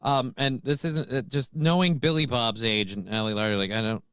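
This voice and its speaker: A man's voice: mid-range voice, steady tone, normal speed, a bit bright, smooth, dry recording. A man co-hosting a talk show, chiming in with wry, hesitant asides in casual, profane chat. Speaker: co-host.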